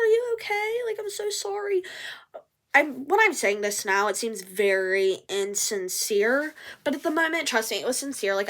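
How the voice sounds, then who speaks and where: A young adult woman telling a story in a casual vlog, animated, swearing and acting out what people said. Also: on the high side. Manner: animated, swears, acts out quotes.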